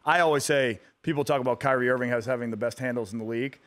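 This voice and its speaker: A man in his thirties, a guest on a radio talk show, telling stories in a relaxed way with many fillers and restarts. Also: mid-range voice, racing. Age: 30s. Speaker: guest athlete. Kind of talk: casual radio interview.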